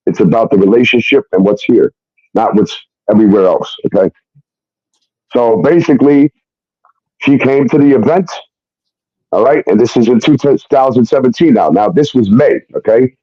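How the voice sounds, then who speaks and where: A man's voice: mid-range voice, lively intonation, moderate pace, pauses often, dry recording. A man telling a personal story in a casual, rambling way, blunt and full of fillers and swearing. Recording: muffled dry recording.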